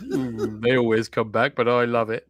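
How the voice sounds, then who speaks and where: A man co-hosting a comedy show, chatting casually with dry, deadpan quips. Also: mid-range voice, moderate pace, dry recording.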